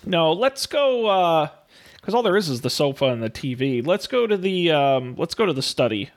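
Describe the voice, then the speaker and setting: A man co-hosting a podcast, calling out commands in a text adventure with tentative quick corrections. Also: on the high side, big pitch swings. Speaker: podcast co-host giving game commands. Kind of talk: casual play-through chat.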